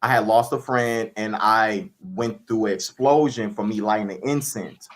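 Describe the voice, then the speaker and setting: A man guest on a casual interview, calmly explaining his spiritual practice and DJing. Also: lowish voice, normal speed.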